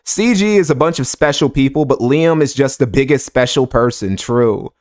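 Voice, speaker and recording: A man's voice: mid-range voice, animated, normal speed, darkish tone. A man giving sarcastic, profane, rambling commentary on a livestream while reading donations. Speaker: streamer reacting to clips.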